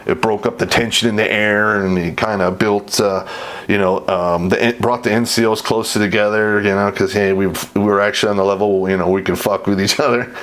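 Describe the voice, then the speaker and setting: A man's voice: fairly low pitch, fairly even intonation, brisk, fairly bright tone. A middle-aged man telling army stories in a casual, profane, laid-back way, often laughing as he talks. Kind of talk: casual storytelling.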